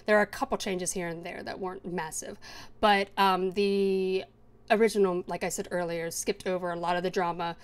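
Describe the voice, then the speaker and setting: A woman's voice: fairly low pitch, level tone, normal speed, clear, resonant tone. A young woman co-hosting a podcast, chatting casually and enthusiastically about anime and laughing often. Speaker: podcast co-host. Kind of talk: casual anime review chat.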